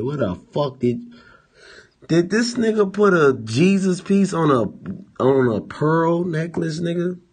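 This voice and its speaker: A man riffing on a casual livestream, profane and mocking. His husky voice sits a bit high and swings widely in pitch. He talks slowly and drags out his words. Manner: profane, mocking, drawn-out delivery. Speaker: livestream host.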